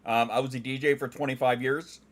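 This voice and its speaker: A middle-aged man with a Western Canadian accent, chatting casually on a stream, joking and enunciating clearly like a trained former DJ. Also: mid-range voice, steady tone, a little fast. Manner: joking, dad jokes. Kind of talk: casual chat reading viewer comments.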